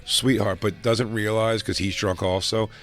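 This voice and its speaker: Low-voiced man telling rambling bar stories. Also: steady tone, moderate pace, a bit bright. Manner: rambling, profane, acts out drunk fans in raised voices. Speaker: podcast co-host. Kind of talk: casual chat, storytelling.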